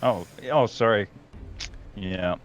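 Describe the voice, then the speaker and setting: A man playing a tabletop game, talking casually in a halting, hesitant way with many fillers. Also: on the low side, over a noisy crowd. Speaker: player.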